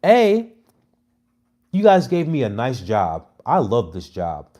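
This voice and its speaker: A brash man in his thirties talks straight to his audience in a casual, provocative monologue. His pitch sits mid-range for a man, and he swings from loud, mocking jabs to low, muttered asides. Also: huge pitch swings, slow. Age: 30s. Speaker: comedy content creator.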